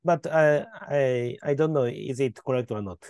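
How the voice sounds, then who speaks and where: A man's voice: medium pitch, moderate pace, darkish tone, clean tone, no room sound. A man whose first language is Japanese, an adult student in an English lesson, speaking hesitantly and searching for words. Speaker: adult English student, business school head. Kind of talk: casual English lesson practice.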